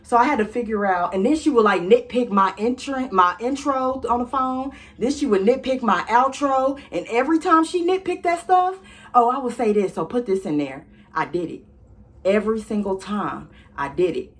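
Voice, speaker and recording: A young woman vlogging, telling a storytime straight to her viewers in a sassy, animated way. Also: on the high side, normal speed. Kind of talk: casual storytime chat.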